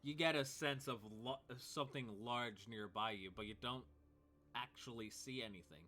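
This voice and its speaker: A bright-toned man runs a tabletop game as game master. His narration is loose and chatty, full of fillers and restarts. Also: medium pitch, normal speed. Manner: loose, filler-heavy narration with acted cultist outbursts.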